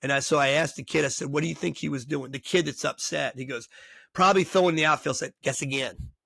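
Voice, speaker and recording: A man's voice: medium pitch, fast, creaky, breathy edge, no room sound, studio quality. A middle-aged man hosting a podcast, a baseball coach telling stories in casual chat and acting out the voices of people he quotes. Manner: animated storyteller acting out quoted dialogue. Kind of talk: storytelling in casual interview chat.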